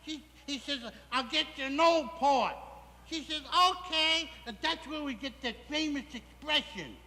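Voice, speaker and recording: A high, bright, goofy simpleton played by a man rambles through a barroom tall tale with wheezy giggles. The voice is sharp and squeaky, with a roomy echo of a 1960s TV studio around it. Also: measured pace, full character voice. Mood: goofy rambling. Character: dim, cheerful man-child barfly telling a garbled tale. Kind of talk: 1960s TV variety sketch monologue.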